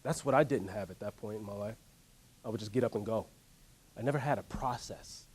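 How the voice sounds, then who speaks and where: A man giving a motivational workshop talk, telling a story in an animated way and asking the audience to join in. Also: fairly low pitch, fairly quick, slightly rough. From United States. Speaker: workshop speaker. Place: workshop room.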